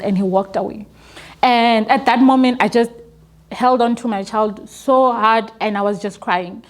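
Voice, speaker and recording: A woman's voice: a little high, steady tone, moderate pace. Young woman, interview guest, earnest and emotional storytelling. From South Africa. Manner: earnest, emotional, repeats words when moved.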